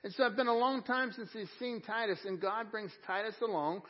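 A man preaching a conversational sermon at a church service, shifting between hushed, slow moments and excited, quicker bursts. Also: sits high, highs cut off. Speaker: pastor.

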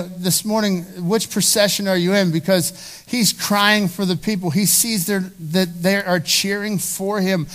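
A man's voice: high-pitched, fairly bright tone. A man preaching a sermon as pastor, earnest and emphatic, often repeating words as he builds a point.

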